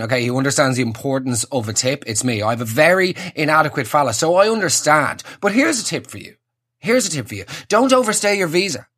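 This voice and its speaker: A man's voice: fairly high pitch, fairly bright tone, slightly rough. A man in his thirties with an Irish accent, delivering a sardonic, ranting comic monologue. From Ireland. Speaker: comedian.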